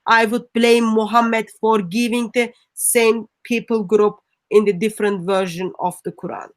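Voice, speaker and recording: Woman co-host, earnest and firm, fairly high voice. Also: steady tone, normal speed. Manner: earnest, firm, with restarts and non-native grammar. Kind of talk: live discussion stream.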